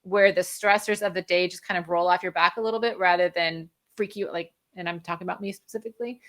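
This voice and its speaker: A woman's voice: fairly low pitch, fairly even intonation, fast, fairly bright tone. A woman working as a functional medicine practitioner, explaining health topics energetically in an interview and laughing often. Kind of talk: interview conversation.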